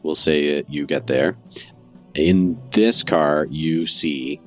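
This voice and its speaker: A man's voice: very deep voice, takes it slowly, faint music behind. A man narrating as game master of a tabletop western game, describing scenes with musing, hedging asides.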